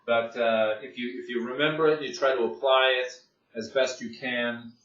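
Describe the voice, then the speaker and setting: A man teaching an English grammar lesson, explaining rules slowly and repeating himself, often asking "okay?" and restarting sentences. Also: medium pitch, steady tone, a bit bright. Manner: repetitive, checks in with "okay?", many restarts and fillers. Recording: distant, roomy, dull lo-fi sound.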